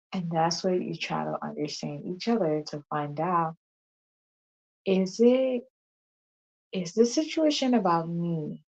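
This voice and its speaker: A woman's voice: fairly low pitch, creaky, a little mellow, slightly rough. A woman hosting a casual talk show, chatting to listeners and posing rhetorical questions. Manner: conversational, asks rhetorical questions, addresses audience as y'all. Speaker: host. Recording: dull lo-fi sound.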